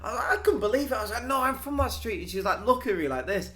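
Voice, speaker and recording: Lively lad telling stories. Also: male voice, extremely high pitch, racing. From North Wales. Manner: animated storyteller, says "mate" and "man" often. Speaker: podcast co-host. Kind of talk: casual chat.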